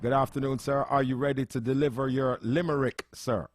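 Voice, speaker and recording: A man's voice: medium pitch, steady tone, fairly quick. A man hosting a casual afternoon radio show, bantering and laughing with his producer. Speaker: radio host.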